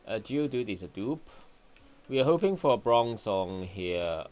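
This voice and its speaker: A man's voice: on the low side, sing-song, a little slow, a little mellow, soft background music. A man giving casual commentary while playing a video game, thinking aloud and muttering to himself. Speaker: gameplay streamer.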